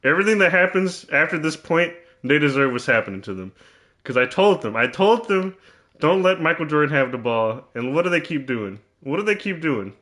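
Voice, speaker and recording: Man, gamer, trash-talking commentary, lively pitch, bright voice. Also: a little fast. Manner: trash-talking, teasing, repeats himself. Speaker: gamer commentating his own play. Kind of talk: mock-serious gameplay commentary.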